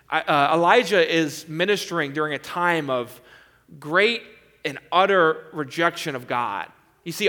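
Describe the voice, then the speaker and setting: Male preacher, bright tone, emphatic expository sermon delivery. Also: on the high side.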